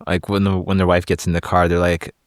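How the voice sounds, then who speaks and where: A man with a very deep, low voice talks reflectively in a casual podcast conversation. He works through his points with small hesitant restarts. The sound is dry and close, with no room sound. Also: little pitch movement, a little fast, dry recording.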